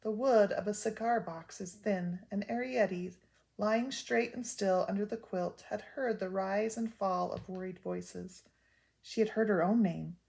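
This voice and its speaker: An older woman reading a children's book aloud in a gentle, measured storytelling voice. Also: mid-range voice, creaky.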